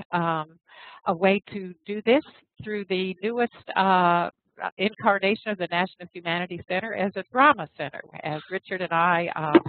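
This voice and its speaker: A woman's voice: fairly low pitch, no echo. Woman presenter over a tinny line. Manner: conversational, with frequent fillers. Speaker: education program presenter. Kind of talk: online seminar presentation and story reading. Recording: dry, tinny phone-like audio.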